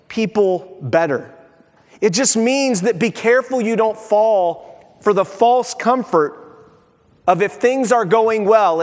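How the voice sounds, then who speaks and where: A man with a high voice preaches a sermon, talking to his congregation in a loose, self-deprecating way and slipping into little acted-out quotes. His voice rings with the long reverb of a church hall. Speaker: pastor.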